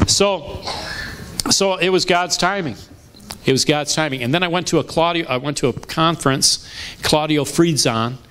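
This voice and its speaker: A middle-aged man pastor telling stories in a sermon, conversational and lively, often restarting his sentences. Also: fairly high pitch, slight background noise. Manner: animated, conversational, with frequent restarts. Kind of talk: storytelling sermon. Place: church sanctuary.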